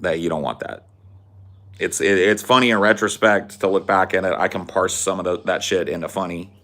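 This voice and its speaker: A young adult podcast host rambles through a story, swearing offhandedly and filling it with fillers. His low voice stays steady in tone, a little fast, and a bit bright.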